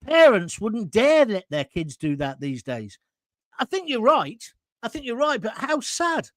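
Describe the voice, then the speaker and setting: A man's voice: extremely high pitch, huge pitch swings, a little slow, dry recording. Blunt jokey man in his fifties. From England. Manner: blunt, jokey and nostalgic, with crude asides. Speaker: host of an online talk show. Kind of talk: casual chat reading viewer comments.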